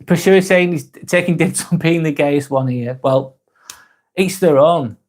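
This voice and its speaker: A man in his forties with a Northern English accent talks casually on a live stream, reading out viewer comments. His voice sits a little high for a man. He rambles, restarts his sentences and jokes along as he goes. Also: measured pace. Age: 40s. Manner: rambling and joking, with frequent restarts and laughs.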